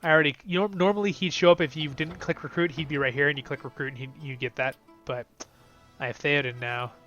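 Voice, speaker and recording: Young male game host, excitable chatty commentary, fairly high voice, faint music behind. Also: fast, lo-fi sound. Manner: excitable, chatty, swings between loud and soft. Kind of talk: casual gameplay commentary.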